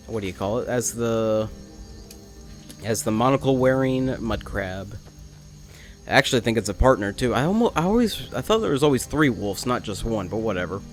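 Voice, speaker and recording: A young adult man hosting a let's play, rambling and making sarcastic jokes at the game characters. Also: medium pitch. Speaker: gaming channel host.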